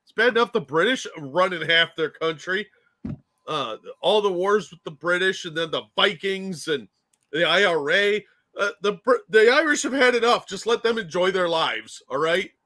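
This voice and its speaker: Man, higher bright voice, animated, mocking, crude ranting co-host. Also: normal speed. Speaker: podcast co-host. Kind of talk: casual political commentary chat.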